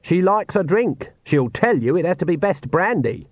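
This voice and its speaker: A man reading an audiobook, voicing a shrewd, unflappable old witch who talks in a dry, measured, quietly menacing way. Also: high voice, big pitch swings, no room sound, pitched above the performer's own voice. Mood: calm threat. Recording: dull, muffled audio.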